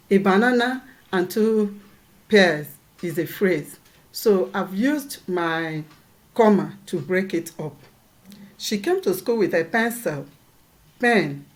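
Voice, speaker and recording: A woman's voice: fairly low pitch, darkish tone. A woman teaching a lesson, patiently repeating points and checking that her students follow. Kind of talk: classroom lesson.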